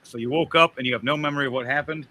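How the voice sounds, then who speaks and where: Guy game mastering, rambly, bright punchy voice. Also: mid-range voice, racing. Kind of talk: narrating a tabletop game.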